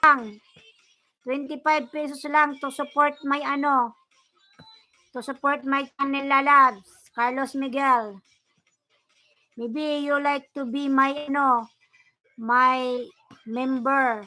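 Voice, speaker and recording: High bright Filipino-accented woman host. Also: fairly even intonation, slow pace, pauses often. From Bicol, Philippines. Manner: mixes English and Tagalog, gives chatty shout-outs to viewers. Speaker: livestream host. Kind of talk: casual livestream chat, reading viewer comments.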